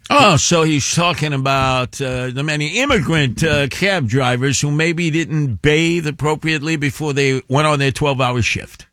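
A man hosting talk radio with chatty, wry banter and quick asides. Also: on the high side, fairly bright tone, no room sound. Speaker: radio talk show host. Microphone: studio microphone.

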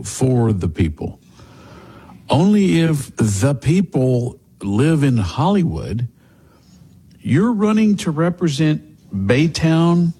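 A man's voice: medium pitch, darkish tone, breathy edge. A man hosting political talk, giving combative, sarcastic commentary.

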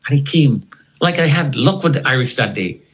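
A man as an interview guest, telling a personal story in an animated way and acting out the voices of the people in it. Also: mid-range voice, moderate pace, low-quality recording.

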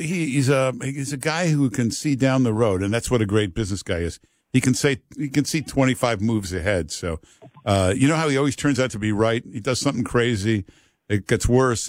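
A man's voice: medium pitch, dry recording. A man hosting a talk radio show, talking in an emphatic, repetitive way into a studio mic. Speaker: radio host.

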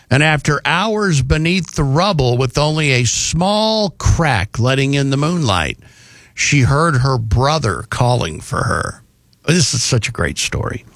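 A man hosting a talk show, telling news stories in a casual, animated way with jokey asides. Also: a little high, no room sound, studio quality. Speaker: radio show host.

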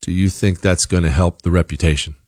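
A middle-aged man delivering an opinion monologue as a commentator, animated and leaping up in pitch when he quotes others. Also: brisk, no room sound, studio quality. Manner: animated, jumps high in pitch for quoted voices.

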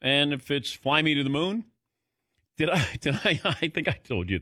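A man hosting sports talk radio in a bright, lively voice that rises and falls freely. He chats loosely with callers and crew. The studio sound is dry and close. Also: on the high side, moderate pace, no echo. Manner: chatty, conversational.

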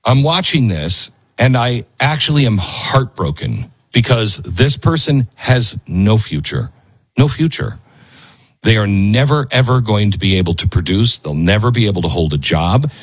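A man's voice: lowish voice, animated, moderate pace, husky. A man hosting a commentary show, talking emphatically over a video clip he plays and repeating lines for stress.

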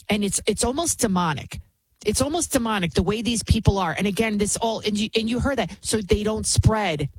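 Indignant woman host with a husky voice. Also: medium pitch, dry recording, low-quality recording. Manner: indignant, scornful, rapid with frequent restarts. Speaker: political commentary host. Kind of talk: opinionated commentary monologue.

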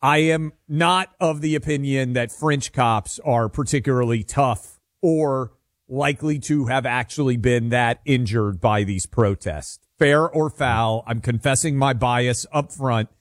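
A man's voice: medium pitch, a little slow, no room sound, studio quality. A man co-hosting a talk radio show, chatting bluntly and poking fun at himself. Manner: blunt, self-deprecating. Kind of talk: casual opinionated banter.

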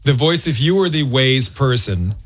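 A man's voice: mid-range voice, animated, moderate pace, slightly rough. A middle-aged man hosting a radio show, chatting casually with a caller and teasing his co-hosts. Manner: joking, teasing banter. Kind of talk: casual on-air chat.

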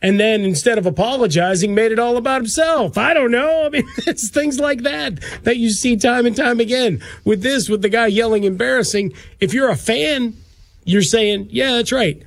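A man's voice: very high voice, normal speed, dry recording. A man co-hosting sports talk radio, rambling through his point with rhetorical questions.

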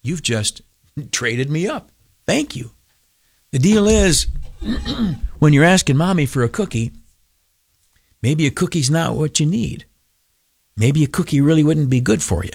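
A man's voice: a little high, sing-song, unhurried, vocal fry, long pauses, darkish tone, husky, no echo. An older man giving an informal devotional talk in a folksy, rambling way with many fillers.

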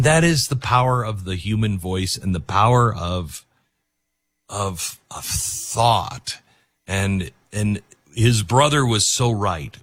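A man's voice: mid-range voice, fairly bright tone, dry recording. A man hosting a talk radio show, rambling in casual commentary with many fillers and restarts.

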